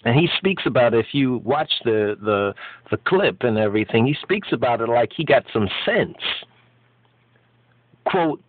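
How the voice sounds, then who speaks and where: A man's voice: mid-range voice, expressive, moderate pace. A man giving impassioned, preachy commentary on an article, emphatic and repeating his phrases. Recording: tinny phone-like dry sound.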